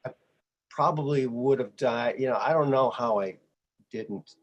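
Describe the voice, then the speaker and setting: A man hosts a podcast with a husky, slightly breathy voice. He tells his stories casually and animatedly, slipping into the voices of the people in them. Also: medium pitch, unhurried, lo-fi sound. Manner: animated storyteller who acts out quoted voices. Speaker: podcast host. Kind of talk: casual conversational storytelling.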